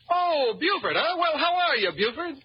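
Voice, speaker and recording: A man's voice: extremely high pitch, sing-song, moderate pace. An actor playing a nervous, bumbling ladies' man in a 1940s radio comedy, stammering and sly. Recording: dull, noisy old radio recording.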